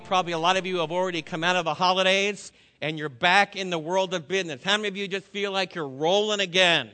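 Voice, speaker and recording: A man's voice: high voice, steady tone, quick pace, sharp tone, in a large hall, faint music behind. An older man preaching a sermon with energy, asking his listeners many questions. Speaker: pastor.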